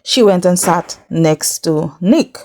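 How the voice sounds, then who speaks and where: A woman's voice: fairly low pitch, animated, slow, darkish tone. Sassy chatty woman recapping reality TV. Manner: sassy, chatty, talks straight to viewers and the cast. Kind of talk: casual recap commentary to camera.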